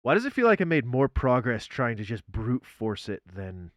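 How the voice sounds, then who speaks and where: A man streaming live, chatting casually in an animated way, swearing freely and exclaiming loudly. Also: medium pitch, moderate pace, dry recording.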